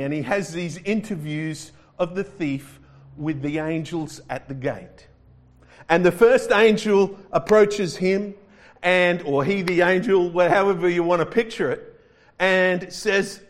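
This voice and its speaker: Male pastor, slow wry sermon delivery, slightly higher voice. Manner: conversational, wry, drawn-out emphasis.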